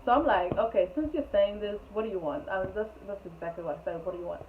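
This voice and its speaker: A woman's voice: mid-range voice, fast. A young woman chatting through a rambling storytime, laughing often as she tells it. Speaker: storytelling vlogger. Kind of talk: casual storytime. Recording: tinny phone-like sound with faint noise.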